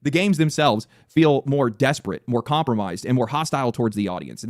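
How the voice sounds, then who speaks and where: A male video essayist delivers a scripted argument in an earnest, rhetorical build. He talks quickly, and the recording is dry and close. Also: mid-range voice, lively intonation, a little mellow, no echo. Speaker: gaming commentary video host.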